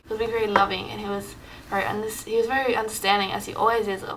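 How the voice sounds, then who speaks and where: A woman's voice: mid-range voice, little pitch movement, rapid-fire, a bit bright, slight background noise, low-quality recording. A woman vlogging casually into her camera, rambling with many fillers and acting out remembered conversations. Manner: rambling, many fillers, acts out quoted dialogue. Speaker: Christian vlogger. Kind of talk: casual personal vlog.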